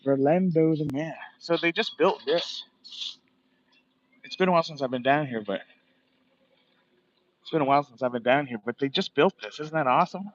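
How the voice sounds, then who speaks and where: A man's voice: on the high side, moderate pace, long pauses, dull audio. A man, livestreaming as he walks outdoors by the water, talking casually, cursing often and ranting, a bit out of breath. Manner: profane, rambling, ranting.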